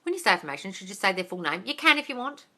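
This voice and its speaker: Blunt, bright-toned woman coach. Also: medium pitch, very animated, rapid-fire. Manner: blunt, swears, calls listeners darling. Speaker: manifesting coach. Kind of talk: live-stream Q&A.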